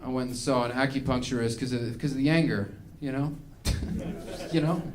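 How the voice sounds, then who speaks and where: A man's voice: medium pitch, moderate pace, a little hiss or hum. A man doing a stand-up comedy routine, ranting in an exasperated, self-mocking way.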